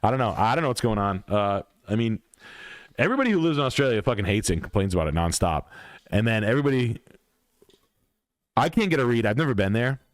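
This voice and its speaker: A man's voice: lowish voice, big pitch swings, quick pace, long pauses, no echo. A man hosting a livestream, ranting bluntly and profanely in a casual, emphatic way. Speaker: livestream host.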